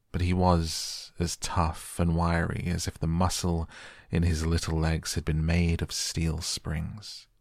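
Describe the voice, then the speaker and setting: A man narrating an audiobook softly for bedtime, gentle and unhurried. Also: sits low, gravelly, no room sound, clean studio sound. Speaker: audiobook reader.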